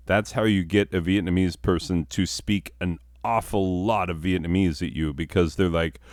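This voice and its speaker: Deep, slow-talking male storyteller. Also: steady tone, a little mellow, no echo, clean studio sound. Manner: rambling, self-mocking asides. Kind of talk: comedic storytelling.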